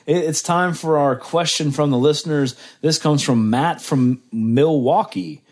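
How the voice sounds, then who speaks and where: A man's voice: a little high, measured pace, darkish tone. A man hosting a faith-based recovery podcast, talking with enthusiasm and dropping in "man" and "wow". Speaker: podcast host. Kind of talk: casual podcast talk.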